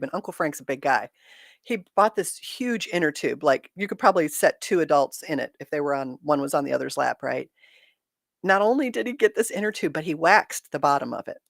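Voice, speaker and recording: Woman in her fifties, livestream host, chatty storyteller who laughs a lot, lower voice, dry close sound. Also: no echo. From Michigan. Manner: laughs often while telling stories. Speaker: livestream host reading chat. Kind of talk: casual chat.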